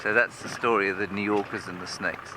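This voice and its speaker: A man's voice: fairly low pitch, fairly even intonation, fairly quick. A man working as a safari guide, telling a humorous story live from a game drive vehicle outdoors. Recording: vehicle engine noise outdoors.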